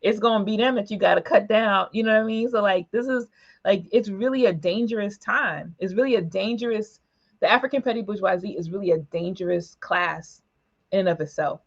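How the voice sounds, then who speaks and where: A woman speaking emphatically in a political broadcast discussion, with quick asides and short laughs. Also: mid-range voice, dull audio. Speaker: panelist for a women's political organization.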